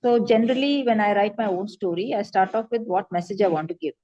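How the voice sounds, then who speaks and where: A woman's voice: medium pitch, fast talker, dark tone, dull audio. A woman taking part in a storytelling workshop over a video call, explaining and retelling her story in a fluent, explanatory way. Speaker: workshop participant. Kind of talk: storytelling exercise, casual explanation.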